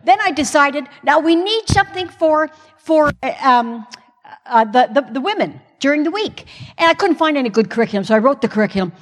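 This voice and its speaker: A middle-aged pastor's wife candidly shares her personal testimony with a church congregation, poking fun at herself. Her high-pitched voice is expressive and fairly quick, and long hall reverb fills the recording.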